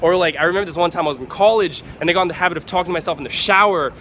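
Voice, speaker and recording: A man vlogging to camera, giving casual advice in an animated way, swearing freely and acting out excited examples. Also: sits high, very fast, slight background noise.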